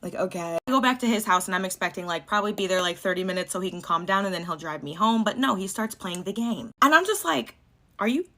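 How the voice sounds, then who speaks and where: A young woman tells a personal story in a loose, chatty voice. She talks quickly, swears freely and scatters "like" through every sentence. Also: mid-range voice, animated, sharp tone. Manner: chatty, swears, lots of "like" fillers. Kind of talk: casual storytime chat.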